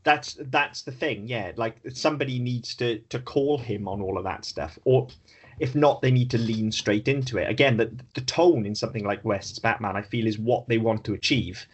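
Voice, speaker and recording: Husky man, frank casual chat. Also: mid-range voice, normal speed. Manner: animated, frank, swears casually. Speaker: podcast co-host.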